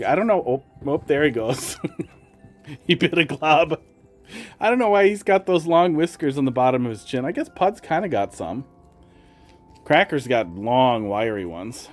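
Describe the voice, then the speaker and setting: A man with a medium-pitched voice and a slight Wisconsin accent chats casually with viewers on a stream. He also talks to his cats in a sing-song voice, with faint music in the background.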